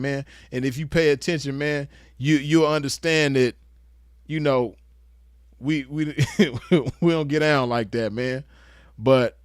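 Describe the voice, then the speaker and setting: A man's voice: mid-range voice, no room sound, clean studio sound. A man giving a casual commentary rant, crude, emphatic and lecturing. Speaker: online commentator.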